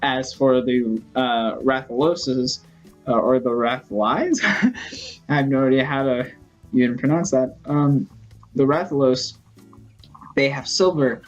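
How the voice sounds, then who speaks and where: A man in the middle pitch range tells a story casually for his vlog, rambling and excitable, with fillers all through. The recording sounds a little dull and lo-fi, and faint music plays underneath. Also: slow pace, pauses often. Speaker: gaming vlogger.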